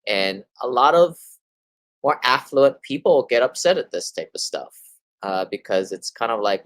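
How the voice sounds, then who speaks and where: A man's voice: mid-range voice, expressive, a little slow, a bit bright, no room sound, rough recording. A man hosting a monthly real estate market update, talking casually and rambling a little, with fillers and restarts as he sums up articles. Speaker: real estate investing host.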